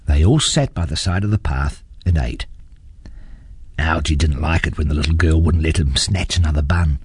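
A man reading a children's story aloud with expressive delivery. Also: very deep voice, normal speed, breathy edge, no room sound, studio quality. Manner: expressive, animated.

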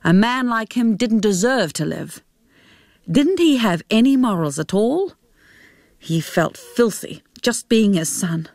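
A woman's voice: medium pitch, expressive, unhurried, a little mellow, no room sound, studio quality. A woman reading a novel aloud, narrating steadily. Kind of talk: audiobook narration.

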